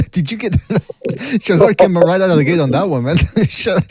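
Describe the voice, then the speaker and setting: A man's voice: high voice, expressive, unhurried, breathy edge, no echo. Male podcast host taking calls. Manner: teasing, laughs often. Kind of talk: call-in show hosting.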